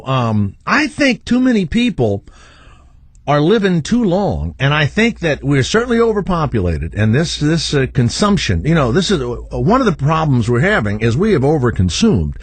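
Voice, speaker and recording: Blunt radio host, husky voice. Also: male voice, on the high side, wildly swooping pitch, normal speed, dry recording. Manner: blunt, crude, laughs at his own stories. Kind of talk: casual radio banter.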